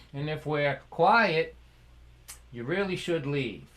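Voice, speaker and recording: A middle-aged man, telling a comic story on a livestream. His voice sits fairly high for a man. He talks in a chatty, self-deprecating way. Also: animated, slow, a bit bright, a little hiss or hum. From Lynn, Massachusetts. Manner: conversational, self-deprecating, ribbing. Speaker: storyteller performer.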